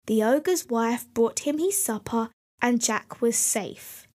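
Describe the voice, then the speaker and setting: A woman narrating a fairy tale in a slow, clear, expressive storybook style. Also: fairly high pitch.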